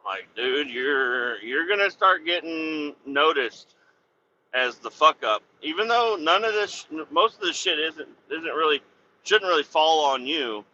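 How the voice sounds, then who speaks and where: A man's voice: a little high, animated, a little slow, bright, forceful tone. Cursing, rambling trucker man. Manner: rambling, heavy cursing, laughs at his own stories. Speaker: truck driver and podcast host. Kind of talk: casual storytelling chat. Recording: dull lo-fi audio.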